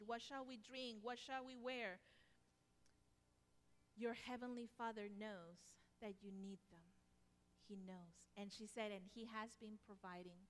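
A woman preaching a sermon with personal stories, her delivery swinging from loud to hushed. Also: fairly high pitch. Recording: long hall reverb.

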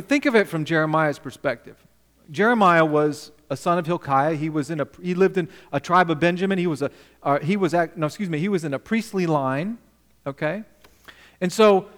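A male pastor preaching a sermon, emphatic, questioning the congregation and swinging between loud and quiet. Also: a little high, in a large hall.

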